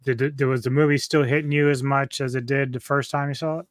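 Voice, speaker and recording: A man's voice: medium pitch, flat delivery, fast. A male podcast host talking through a film's story in a loose, rambling way, stumbling and restarting as he goes. His voice sits in an ordinary middle register. The recording is dry and close, with no room echo. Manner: rambling plot recap with frequent restarts. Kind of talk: casual film review chat.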